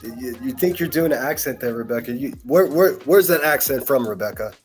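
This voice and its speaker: A man delivers angry reaction commentary in a scornful, profane rant. His pitch sits in an ordinary middle range. Faint music plays underneath. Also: animated, brisk. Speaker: commentary channel host.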